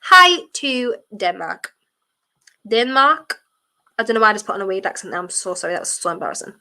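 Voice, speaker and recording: A woman streaming a football watchalong, chatting her opinions and breaking into shouts at fouls. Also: medium pitch, fairly even intonation, very fast. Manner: passionate, blunt, chatty opinions. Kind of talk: live match commentary and fan chat.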